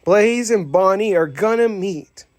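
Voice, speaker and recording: Guy doing a loud folksy cowgirl toy, higher pitched, storybook style. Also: unhurried, no echo, faint music behind. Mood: thrilled. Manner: folksy drawl, hollering. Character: spirited cowgirl toy, brave leader.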